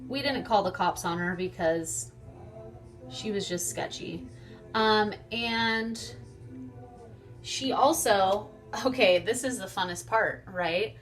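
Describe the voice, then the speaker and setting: A woman's voice: medium pitch, a bit bright. A young woman vlogger chatting casually and animatedly through a storytime, swearing freely. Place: home, getting ready on camera.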